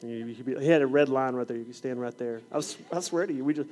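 A middle-aged preacher who teaches fifth grade science delivers a sermon full of classroom stories. His mid-range voice moves fast, and he's an animated storyteller who acts out the scenes.

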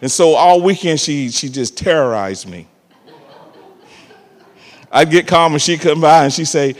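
A man preaching a sermon and telling a personal story, emphatic and animated, calling out to the congregation for amens. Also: fairly high pitch, moderate pace, pauses often, big-room sound. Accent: African American church preaching. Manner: emphatic and animated, calls "amen" and "come on" to the congregation.

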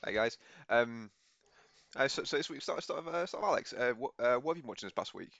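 Young guy hosting a chat, rattles along fast, lots of ums, dull lo-fi sound. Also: mid-range voice, lively intonation, gravelly, a bit bright, no room sound. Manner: hesitant, many fillers and restarts. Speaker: podcast host. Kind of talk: casual chat. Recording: lo-fi muffled audio.

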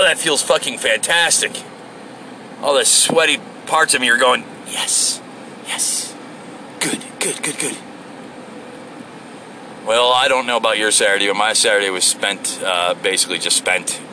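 A man's voice: on the low side, steady tone, brisk, sharp tone. A man rambling casually to himself while driving, profane and joking, with road and air-conditioning hum behind him. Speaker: solo show host. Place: inside a car.

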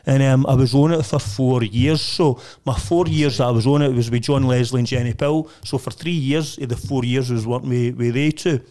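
A man's voice: medium pitch, fairly even intonation, brisk, hardly any pauses, warm tone. A middle-aged man with a Scottish accent, a podcast guest swearing and chuckling his way through stories in casual chat.

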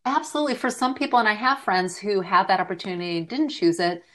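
This middle-aged grief advocate speaks as a podcast guest in a medium-pitched, fairly bright voice at a quick pace. Earnest and reflective, she recounts a personal story, her voice dipping now and then to almost a whisper.

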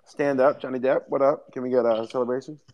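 A man hosting a comedy podcast, joking crudely and excitably. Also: mid-range voice, quick pace, dull audio. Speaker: podcast host. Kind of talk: casual comedy chat.

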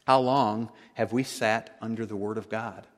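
A man preaching a sermon, emphatic, swinging between loud declarations and hushed tones. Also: lowish voice, steady tone, normal speed, long reverb tail.

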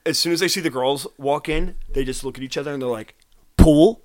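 A young man in casual banter, telling animated stories with a lot of swearing and laughter. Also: medium pitch, fast, no room sound. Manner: animated storytelling, heavy swearing, laughing often. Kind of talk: casual chat.

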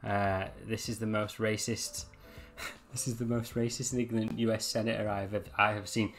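A man's voice: fairly low pitch, flat delivery, normal speed, fairly bright tone, soft background music. A man hosting a casual chat show, running the segment in a jokey way. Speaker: podcast host.

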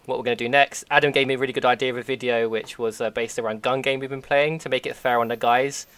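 A man's voice: medium pitch, fairly even intonation, fast talker, fairly bright tone, a little hiss or hum. A man chatting casually on a podcast, self-deprecating and losing his thread. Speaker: podcast co-host. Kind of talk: casual chat.

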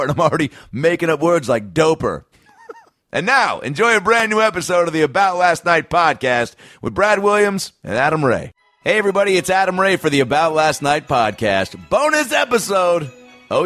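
A podcast host with a high, bright voice and big pitch swings speaks at normal speed in clean studio sound with no room echo. He reads an ad and introduces the show casually, hyped up, loose and profane.

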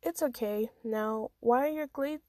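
A woman voicing a formal, concerned female college chancellor who speaks gently and probingly in a storybook reading. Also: fairly high pitch, a little slow, dry recording, clean studio sound, natural voice.

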